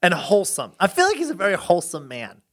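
Playful, animated male podcast co-host. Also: high-pitched, fast talker. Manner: playful, laughing, enthusiastic. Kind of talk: casual podcast chat.

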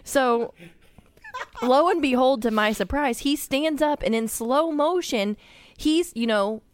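A woman's voice: high voice, slow, no echo. A woman, a podcast guest, telling a long funny story in casual chat and often breaking into laughter.

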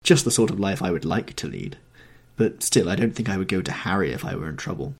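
A man's voice: sits low, big pitch swings, quick pace, gravelly, slightly rough, heavily acted. A man voicing a charming, guarded young man in a storybook reading, with a lighter, evasive delivery. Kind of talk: audiobook character reading.

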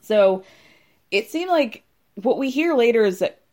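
Young woman host, casual gossipy recap, quick laughs, voice a bit on the high side. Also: expressive, darkish tone. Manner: chatty and gossipy, laughs often, acts out quotes.

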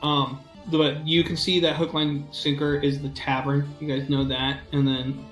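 A man's voice: fairly high pitch, monotone, unhurried, fairly bright tone. A man narrating as game master, casual and laughing often. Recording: echoey room with faint music.

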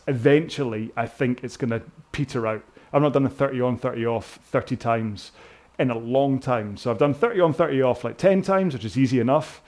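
A man's voice: mid-range voice, darkish tone. A British man coaching a rowing workout, talking casually and rambling in a self-mocking way. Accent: British English. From Britain. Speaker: rowing instructor. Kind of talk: casual talk over a row-along workout.

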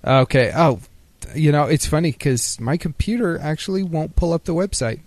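A man co-hosting a laid-back podcast, his voice sitting a little high. He jokes and slips into sarcasm, laughing easily, and the sound is dry and close to the mic. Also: animated, normal speed, a little mellow, no room sound. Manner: joking, sarcastic, laughs often. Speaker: podcast co-host. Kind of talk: casual chat.

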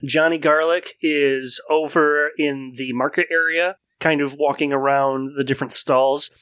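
A man narrating a tabletop game as game master, in a measured, descriptive way. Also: fairly high pitch, steady tone, a bit bright, clear, resonant tone, no room sound.

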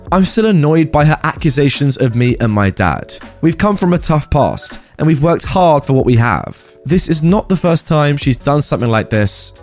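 A man narrating online stories and chatting about them. His delivery is lively and full of pitch swings, and he keeps turning to his viewers with rhetorical questions. Faint music plays beneath his voice. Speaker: story narrator. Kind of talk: reading online stories with commentary.

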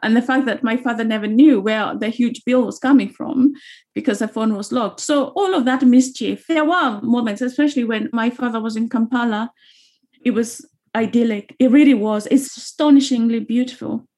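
A woman's voice: on the high side, normal speed, darkish tone. A woman from Uganda, an author being interviewed, speaking earnestly and often repeating phrases for emphasis. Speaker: author guest. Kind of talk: reflective interview talk.

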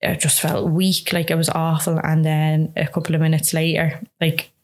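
A woman's voice: low voice, monotone, normal speed. A young Irish woman frankly telling a personal story in conversation, speaking earnestly and often filling with "like". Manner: earnest, frank, lots of "like" fillers. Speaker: guest.

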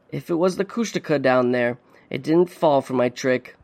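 A man hosting a podcast, reading a dark story in measured, suspenseful narration. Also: medium pitch, creaky. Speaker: podcast host.

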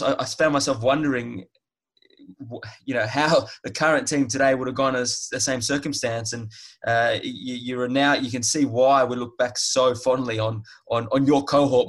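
A man's voice: mid-range voice, low-quality recording. A man hosting a podcast, asking long, rambling questions with frequent restarts in a chatty way. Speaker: podcast host. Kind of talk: conversational interview.

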